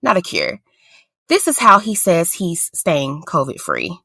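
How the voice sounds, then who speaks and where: A woman co-hosting a podcast, talking in loose casual chat. Her voice is bright and swings widely in pitch, and her delivery is blunt and sarcastic with frequent laughs. The recording is close and dry. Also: wildly swooping pitch, measured pace, gravelly, breathy edge, no room sound. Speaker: podcast co-host.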